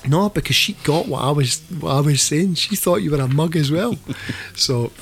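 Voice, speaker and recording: A man's voice: on the high side, normal speed, fairly bright tone. A man hosting a casual comedy podcast, bantering and swearing freely while reading out listener questions. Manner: jokey, profane banter. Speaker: podcast host.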